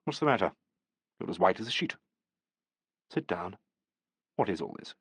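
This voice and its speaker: A man's voice: sits low, sing-song, normal speed, fairly bright tone, slightly rough, dry recording, studio quality, voice pushed down, heavily acted. A man reading the part of a commanding, autocratic theatre actor-manager in a brusque tone.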